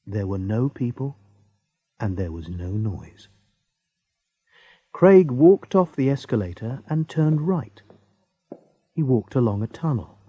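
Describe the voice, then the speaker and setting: Man, slow audiobook narration, lively intonation, dry close sound. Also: mid-range voice, dry recording, lo-fi sound. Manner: slow, clear and deliberate. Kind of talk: slow graded-reader narration.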